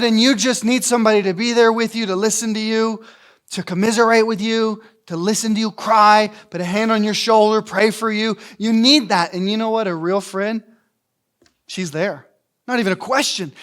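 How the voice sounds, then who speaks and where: A man's voice: high-pitched, fairly bright tone. A man preaching a sermon as a pastor in a church, emphatic, repeating key phrases for weight. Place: church sanctuary.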